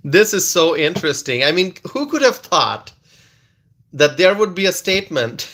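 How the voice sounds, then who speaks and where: Man, livestream host, slow deliberate pace, bright forceful tone, chuckling, repeats himself. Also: a little high, big pitch swings. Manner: laughing, amused, repeats lines for effect; slow drawn-out delivery with many restarts. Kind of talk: casual commentary to live viewers.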